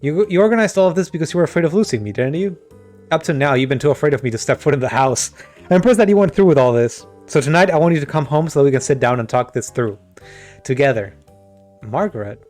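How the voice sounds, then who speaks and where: A man voicing a stern, fed-up middle-aged wife who speaks in a cool, measured, scolding way. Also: fairly high pitch, lively intonation, darkish tone, soft background music, lightly acted. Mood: softened.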